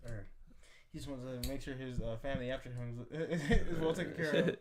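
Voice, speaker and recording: A man co-hosting a casual podcast, talking loosely and breaking into loud, laughing exclamations. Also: medium pitch, a little fast, over a noisy crowd. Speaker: podcast co-host. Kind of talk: casual chat.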